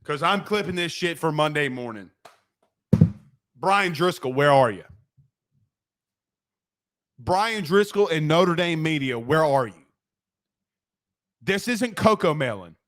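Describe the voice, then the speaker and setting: High-voiced brash sports talk host. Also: male voice, animated, a bit bright. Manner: brash, profane, rapid-fire ranting. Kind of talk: fired-up postgame sports rant.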